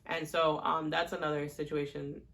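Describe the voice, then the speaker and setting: A woman's voice: sits low, level tone, moderate pace, vocal fry, a bit bright, a little hiss or hum. A young woman hosting a talk show, telling personal stories in a chatty way, full of fillers and little laughs. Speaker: podcast host. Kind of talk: casual personal storytelling.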